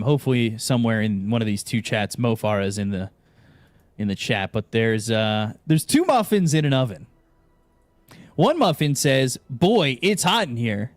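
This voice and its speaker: Here a male esports caster with a mid-range voice is recorded dry. He keeps things loose on air, chatting casually and spinning long, animated jokes between matches.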